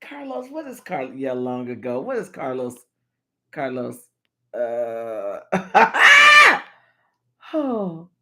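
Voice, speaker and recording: A woman's voice: very deep voice, wildly swooping pitch, very slow, long pauses, pushed and bright. A woman hosting a casual livestream chat, playful and teasing, laughing often as she talks to her viewers. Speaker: livestream host.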